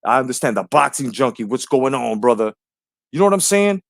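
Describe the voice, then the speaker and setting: A man's voice: mid-range voice, very animated, fairly quick, creaky, no echo. A man hosting a live stream, ranting brashly and profanely while greeting viewers in the chat.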